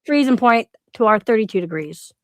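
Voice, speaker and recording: A woman co-hosting a livestream, passionate and apologetic, quick to flare up in casual chat. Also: a little high, expressive, dry recording. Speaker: livestream co-host.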